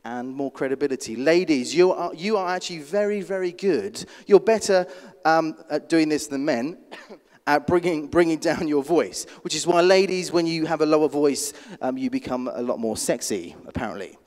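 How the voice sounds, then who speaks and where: Man, pitch coach, fairly high voice, deliberate pacing, frequent "okay?", long hall reverb. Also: darkish tone. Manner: drops pitch and volume to land key points. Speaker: pitch coach at a startup conference. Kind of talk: live masterclass talk. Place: large conference hall.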